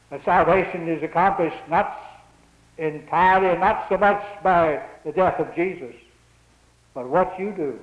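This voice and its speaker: A man preaching a sermon, building to emphatic rises and repeating his phrases for effect. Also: on the high side. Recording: muffled roomy old church recording.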